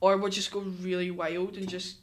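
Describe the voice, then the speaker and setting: A woman's voice: on the low side, little pitch movement, moderate pace, a little hiss or hum. A young woman co-hosting a casual racing podcast, giggly and teasing. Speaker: podcast co-host. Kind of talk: casual chat about racing.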